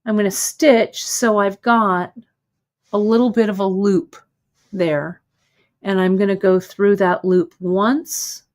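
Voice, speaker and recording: A woman's voice: mid-range voice, steady tone, slow pace. A woman hosting a live craft lesson, explaining each step patiently and checking in often with the viewers. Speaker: host demonstrating bead embroidery.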